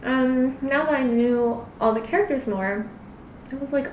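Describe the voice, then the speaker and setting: A young woman, a cosplay vlogger, chats between bites in a casual mukbang, rambling and leaning heavily on fillers. Her high-pitched voice is steady, unhurried, and a little mellow, with dull, roomy audio from a distant mic and faint hiss.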